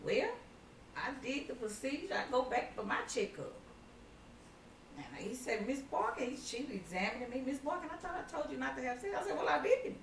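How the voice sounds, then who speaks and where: A woman's voice: high voice, big pitch swings, brisk, gravelly. A middle-aged woman, telling family stories in a casual chat. She acts out the quotes and laughs often. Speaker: mother telling her story. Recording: roomy, far from the mic, faint noise.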